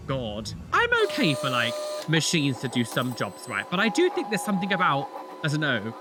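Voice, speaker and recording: A young man hosting a reaction video, reacting to clips in casual commentary with animated, disgusted exclamations. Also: fairly high pitch.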